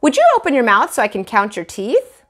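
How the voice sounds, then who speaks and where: A woman's voice: on the high side, huge pitch swings, fairly quick, a bit bright, pitched above the performer's own voice, full character voice. Fields: a woman doing a coaxing, playful male dentist. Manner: coaxing, teasing.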